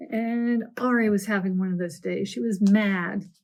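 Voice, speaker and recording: A woman librarian doing a storytime read-aloud for children, animated with gasps and playful asides. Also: mid-range voice.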